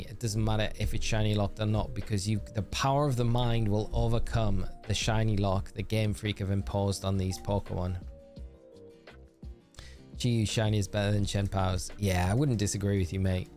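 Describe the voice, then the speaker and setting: Low-voiced man chatting on a game stream. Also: fairly even intonation, normal speed, darkish tone, soft background music. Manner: chatty, reads viewer messages aloud and answers them. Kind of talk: live game-stream chat.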